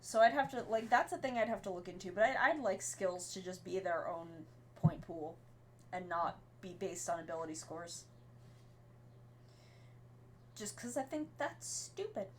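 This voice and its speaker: A woman's voice: mid-range voice, expressive, moderate pace, slight background noise. A sleepy woman streaming and chatting casually, rambling with many fillers. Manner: baby talk to her cat. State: sleepy, yawning.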